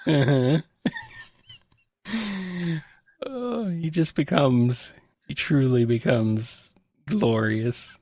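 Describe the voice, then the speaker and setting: Slow, lively-voiced laughing podcast co-host. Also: medium pitch, no echo, clean studio sound. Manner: laughs often, reads out listener questions. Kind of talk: casual podcast chat.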